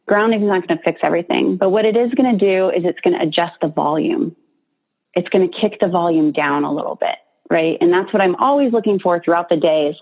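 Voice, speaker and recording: A woman's voice: lowish voice, slightly rough. A woman giving an informal, encouraging talk on coping with stress, chatty and full of "right?" tags. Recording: tinny phone-like line.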